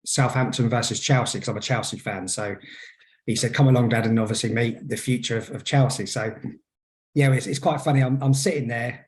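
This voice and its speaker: Hesitant man in his forties. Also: medium pitch. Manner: hesitant, filler-heavy storytelling. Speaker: guest, hypnotherapist. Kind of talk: casual podcast interview.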